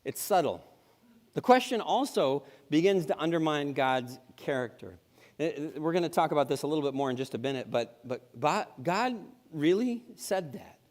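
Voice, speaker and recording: A middle-aged man preaching a sermon with a higher-than-usual voice. He talks casually and jokes, restarting his phrases often, and his voice hangs in the long reverb of a church sanctuary. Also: lively intonation, fairly quick, a little mellow. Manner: conversational, humorous, with frequent restarts. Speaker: pastor.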